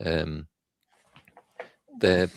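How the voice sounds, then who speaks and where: Male livestream host, very low gravelly voice, loose rambling chat full of restarts. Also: little pitch movement, extremely slow, dry recording. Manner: rambling, many fillers and restarts. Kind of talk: casual live news chat.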